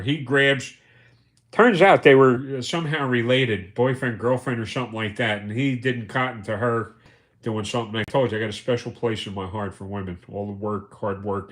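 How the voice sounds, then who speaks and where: A man hosting a livestream, telling rambling, profane anecdotes and chuckling as he goes. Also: mid-range voice. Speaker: livestream host. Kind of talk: casual storytelling.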